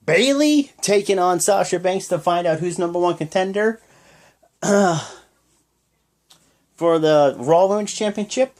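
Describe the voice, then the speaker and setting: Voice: medium pitch, animated, unhurried, pauses often, darkish tone. A young adult vlogger giving a rambling, casual play-by-play recap of a wrestling show, often stopping to recall details. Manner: rambling, full of fillers and restarts.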